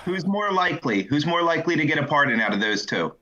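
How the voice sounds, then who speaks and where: A man's voice: on the high side, very animated, fast talker, sharp tone. A man calling into a talk show, bluntly pressing the host for answers. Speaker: caller. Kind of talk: casual call-in questions. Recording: muffled call-in line.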